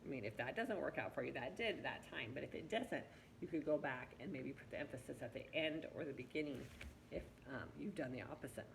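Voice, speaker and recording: A woman giving a patient one-on-one reading lesson, gently coaxing her student to sound out words. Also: very deep voice, animated, a little fast, gravelly, background noise. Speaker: reading teacher.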